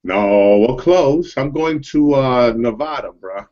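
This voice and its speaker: A man's voice: medium pitch, animated, slow. A man from New York talks casually with friends over a call. His voice sits mid-range, and he strings thoughts together loosely, repeating himself and dropping "bro" everywhere. The audio is dull and lo-fi. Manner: loose, repetitive, says "bro" a lot. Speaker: collector on a group video chat. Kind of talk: casual chat.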